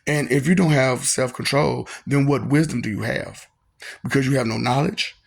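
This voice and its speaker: A man's voice: mid-range voice, moderate pace, gravelly, husky. A man talking in a freewheeling, taunting monologue, repeating lines and laughing often.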